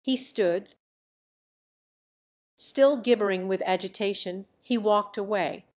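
A woman reading a classic novel aloud at a very slow, deliberate pace. Her voice sits at an ordinary middle pitch and keeps an even, scripted narration throughout. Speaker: audiobook narrator.

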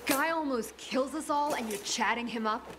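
A hostile, suspicious woman from a video game, played by an actress, sharp and scornful. Her voice sits high. Loud background noise runs through the game audio. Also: normal speed, lightly acted.

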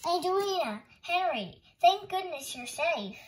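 A woman's voice: high voice, fairly even intonation, normal speed, fairly bright tone, slight background noise, pitched above the performer's own voice. A woman voicing a jolly, encouraging uncle mouse who leads an outing, in a read-aloud storybook. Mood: relieved. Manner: hearty, encouraging.

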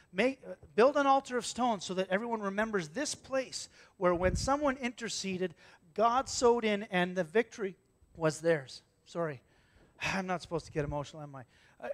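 High-voiced animated male preacher. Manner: animated storytelling, acting out voices, swinging from loud to hushed. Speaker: pastor. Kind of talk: sermon. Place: church.

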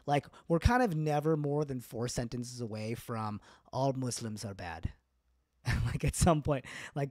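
A man's voice: mid-range voice, darkish tone, dry recording, studio quality. Chatty man testing jokes on a stream. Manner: self-deprecating, rambling, laughs at his own jokes. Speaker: comedian. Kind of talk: casual stand-up bits tried out on a stream. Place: indoors, livestream.

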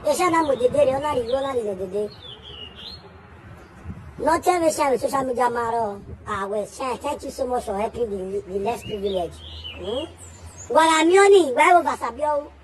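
A woman's voice: sits high, lively intonation, normal speed, a little hiss or hum. A Nigerian woman giving an emphatic, scolding spoken message, firing off repeated questions. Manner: scolding, defending a friend. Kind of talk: casual spoken message to the camera.

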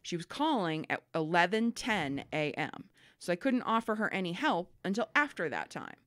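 A woman's voice: fairly low pitch, normal speed, dry recording. Chatty woman podcast host, dry close sound. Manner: animated storyteller, swears freely, laughs often. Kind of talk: casual chat, reading listener emails.

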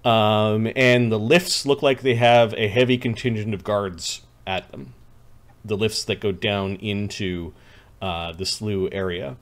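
A man's voice: lowish voice, fairly even intonation, a little slow. A man narrating a tabletop game as game master, rambling with many fillers and restarts.

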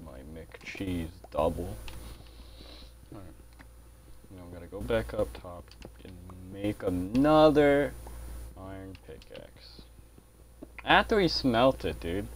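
A man's voice: on the low side, a little hiss or hum. A man giving casual gameplay commentary as a channel host, grumbling, swearing a lot and saying dude.

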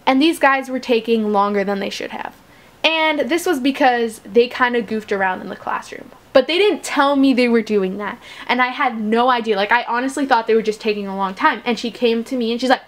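A teenage girl casually retelling a school story, chatty and animated, acting out the quotes with exasperation. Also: on the high side, brisk. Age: teens.

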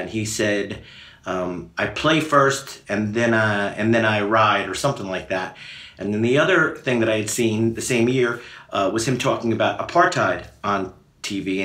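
A man's voice: medium pitch, fairly bright tone. Man telling band stories in a roomy space. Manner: rambling storytelling with fillers. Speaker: band member. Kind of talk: documentary interview.

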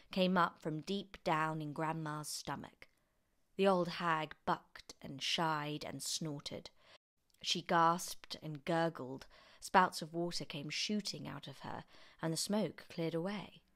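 A woman reading a children's book aloud as an expressive storyteller. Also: low voice, takes it slowly. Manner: expressive, animated narration.

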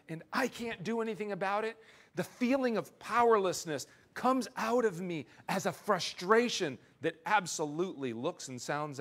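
A middle-aged pastor with a fairly high voice preaches a sermon earnestly and emphatically, at times slipping into quiet, confessional passages.

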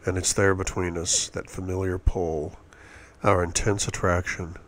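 A man's voice: low-pitched, little pitch movement, measured pace, fairly bright tone. A man reading a novel aloud in first person, often murmured and intimate. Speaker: audiobook reader.

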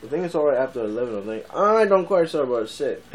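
A man's voice: mid-range voice, poor audio. A man in his twenties, rambling casually in a vlog and laughing often. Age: 20s. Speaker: vlogger.

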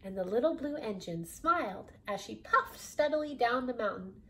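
A woman's voice: fairly high pitch, lively intonation, a little slow, few pauses. A woman reading a children's storybook aloud, adding laughing asides to her listeners. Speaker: storybook reader.

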